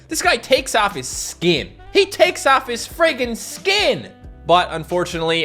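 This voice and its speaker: A man's voice: on the high side, fairly bright tone. A man giving sarcastic, mocking commentary on old cartoons. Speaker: YouTube commentator.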